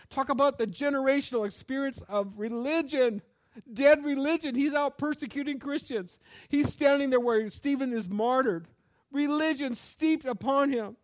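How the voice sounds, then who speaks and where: A male pastor with a notably high voice preaches with passion. He slips in and out of heartfelt prayer while he reads scripture and urges his listeners on. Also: normal speed. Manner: impassioned preaching, rising into prayer. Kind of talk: sermon.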